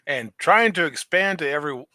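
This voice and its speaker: A man co-hosting a casual live stream, jokey and quick to laugh. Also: a little high, expressive, sharp tone, dry recording. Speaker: co-host.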